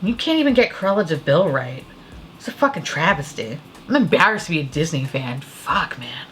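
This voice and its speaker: A woman's voice: low-pitched, sing-song, moderate pace, soft background music. A young woman hosting a casual beauty review, ranting with profanity, sarcasm and exasperation. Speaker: beauty video host.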